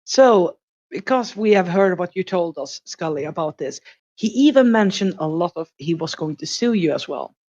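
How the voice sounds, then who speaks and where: A woman hosts a casual online chat, speaking English with hesitant restarts. Her voice sits on the low side. The audio is muffled and lo-fi. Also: lively intonation, normal speed, darkish tone. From Sweden.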